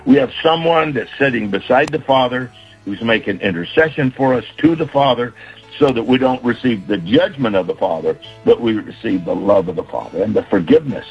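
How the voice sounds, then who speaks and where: A man's voice: mid-range voice, a little fast, husky. A man preaching a sermon in an earnest, repetitive preaching cadence. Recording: dull lo-fi recording with faint music.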